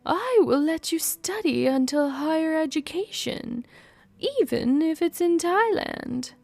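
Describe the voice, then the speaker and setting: A woman voicing a caring older princess who gently coaxes her niece in a slow, lilting voice. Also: high voice, lively intonation, creaky, no room sound, voice pushed up, full character voice. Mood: coaxing.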